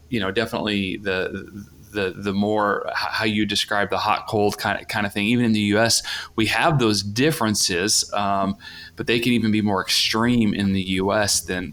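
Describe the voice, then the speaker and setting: A man's voice: fairly low pitch, fairly bright tone, slight background noise. A middle-aged man from the northern United States hosting a conversational podcast, telling stories in a chatty way with frequent restarts. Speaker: podcast host. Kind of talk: casual conversational interview.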